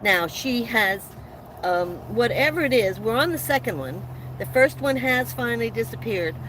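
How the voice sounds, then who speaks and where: A woman's voice: fairly high pitch, lively intonation, moderate pace, noisy background. A woman hosting a casual live chat from inside her van, telling rambling stories with many restarts. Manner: chatty, rambling storytelling with frequent restarts and laughs. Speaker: livestream host.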